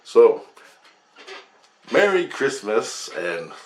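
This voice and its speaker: A man's voice: medium pitch, big pitch swings, very slow, a little hiss or hum. A man telling a rambling story about his dreams, profane and agitated. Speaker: vlogger.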